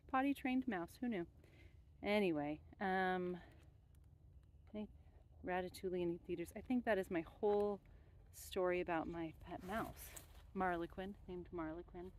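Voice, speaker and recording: A woman's voice: fairly low pitch, steady tone, normal speed, a little mellow, a little hiss or hum. A young woman telling rambling stories in a casual, chatty way while working on a fence outdoors. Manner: rambling, chatty, with many fillers and asides.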